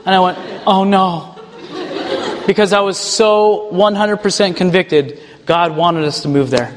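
A man who leads a ministry tells a personal testimony in an animated way and chuckles as he goes. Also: high voice, moderate pace, big-room sound, crowd noise. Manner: animated, chuckles while telling stories. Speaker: ministry leader.

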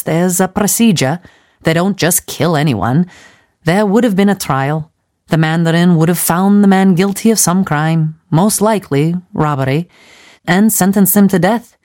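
Narrator voices a stern seventy-something missionary woman, unhurried, matter-of-fact lectures. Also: on the low side, darkish tone, close to an everyday voice. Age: 70s. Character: gruff old missionary woman, calm and stern.

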